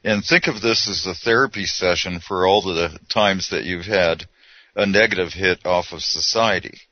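Man, deep voice, host, halting fillers, dry muffled sound. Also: no room sound. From North America. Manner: welcoming, hesitant with fillers. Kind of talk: casual group chat. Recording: dull lo-fi dry audio.

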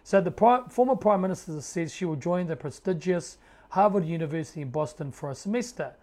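A man with a New Zealand accent delivering a sarcastic, indignant rant to camera. His voice sits a little higher than most men's. He talks as if addressing his regular viewers. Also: animated, fairly quick, darkish tone. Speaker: political commentator. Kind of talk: opinionated video commentary.

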